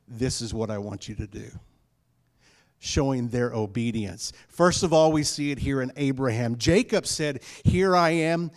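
A man preaching a sermon to his congregation, emphatic and repeating key phrases, moving between loud calls and hushed lines. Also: mid-range voice.

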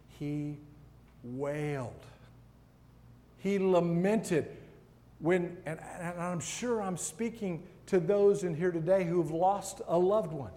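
A man giving a sermon as a guest preacher, reading scripture and speaking with slow, emphatic pauses in a large hall. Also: high voice, mellow, a little hiss or hum. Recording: long hall reverb.

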